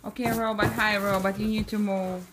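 Woman, mother behind the camera, coaxing, patient, mid-pitched, loud hiss on a home video. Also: level tone, normal speed. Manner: patient, coaxing, gently scolding. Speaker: mother filming her children. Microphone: handheld camera.

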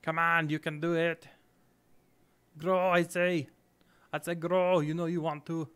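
A mock-commanding, would-be Austrian action-hero, as a man puts him on, coaxing with a clumsy, overdone accent. The voice sits a little high and stays smooth. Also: little pitch movement, a little slow, fairly bright tone.

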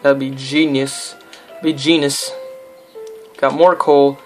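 A man's voice: mid-range voice, flat delivery, slow, faint music behind. A young man giving casual, rambling let's-play commentary, goofing around and talking to himself and the game. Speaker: gameplay commentator.

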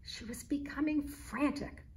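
Slow, clear woman reading to kids. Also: high voice. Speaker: children's book author. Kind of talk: reading a children's picture book aloud.

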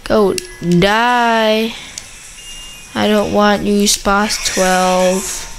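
Woman, gameplay commentator. Unhurried delivery, chatters excitedly at the game, faint hiss behind. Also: medium pitch, creaky. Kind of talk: casual commentary over a zombie shooter game.

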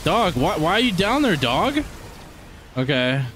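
A young man giving casual gameplay commentary as he plays, excitable, swearing often and talking to his viewers. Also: on the high side, a little slow, a little hiss or hum. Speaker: gaming streamer.

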